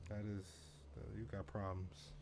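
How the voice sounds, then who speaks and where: A man's voice: on the low side, level tone, measured pace, crowd noise. A man co-hosting a podcast, reacting to stories with wry, incredulous comebacks. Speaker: podcast co-host. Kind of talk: casual chat.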